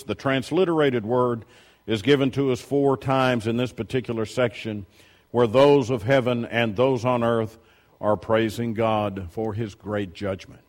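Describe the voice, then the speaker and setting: Man preaching, quiet stories to loud calls. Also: mid-range voice. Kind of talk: sermon.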